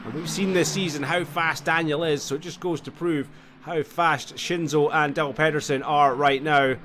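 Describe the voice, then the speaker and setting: A man commentates a sim race live, chatty and a little weary from a long day, breaking into high excited yelps at big moments. His voice sits slightly high, and noise is clearly audible behind him. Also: normal speed. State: tired, yawning.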